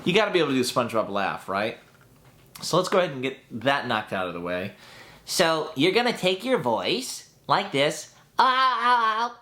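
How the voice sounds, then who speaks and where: A man's voice: mid-range voice, a bit bright. A man teaching a voice acting tutorial in an upbeat, chatty way that breaks into laughs at his own asides.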